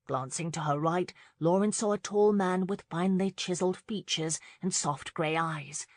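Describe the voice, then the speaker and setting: A woman narrating a romance audiobook in a measured, scripted style on a studio mic. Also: lowish voice, dry recording.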